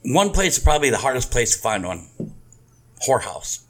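A man hosting a podcast, telling profane stories in casual chat, with animated swings in his voice. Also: medium pitch, fairly quick. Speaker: podcast host.

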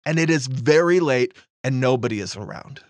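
A man's voice: mid-range voice, expressive, normal speed, no room sound. A man telling a first-person story in a matter-of-fact, understated way.

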